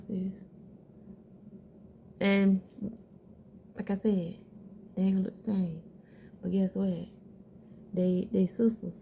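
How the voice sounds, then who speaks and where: A woman with a mid-range voice and a steady gravelly fry runs a casual makeup tutorial, chatting straight to her viewers. A faint hum of room sound sits under her voice. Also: mid-range voice. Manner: chatty, talks straight to viewers as girl and sis. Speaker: beauty vlogger.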